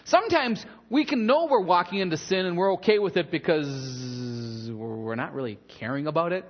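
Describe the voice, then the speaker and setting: A pastor preaching a sermon in a church in a conversational, animated way, with asides and bits of humor. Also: male voice, a little high, normal speed, in a large hall, muffled recording.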